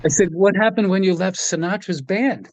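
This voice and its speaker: A man's voice: sits high, moderate pace, no echo. A middle-aged man, a guitar tech and interview guest, telling rambling anecdotes with frequent laughs and acting out the voices of the people he quotes. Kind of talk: casual storytelling interview.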